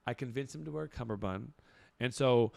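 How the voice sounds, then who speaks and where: A man's voice: medium pitch, brisk, creaky, darkish tone, no room sound. A young man co-hosting a podcast, chatting casually about styling clients in a laid-back, rambling way with lots of fillers. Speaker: podcast co-host and celebrity stylist. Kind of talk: casual chat.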